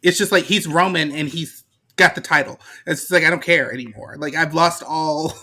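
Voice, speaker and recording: Bright-voiced, opinionated male co-host. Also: fairly high pitch, normal speed. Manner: opinionated, playful. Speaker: podcast co-host. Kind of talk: casual chat about wrestling.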